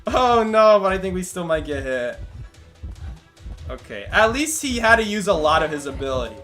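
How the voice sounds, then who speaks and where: A man's voice: on the high side, moderate pace, soft background music. A man commentating his own gameplay live, joking and talking to his chat. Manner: animated, joking, talks to chat. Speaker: gaming streamer.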